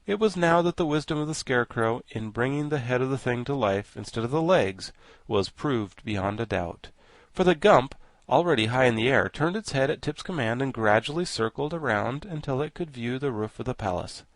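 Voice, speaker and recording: A male audiobook narrator in a mid-range voice, reading in an even, steady way. The recording is dry and close, with no room sound. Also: medium pitch, moderate pace, no room sound.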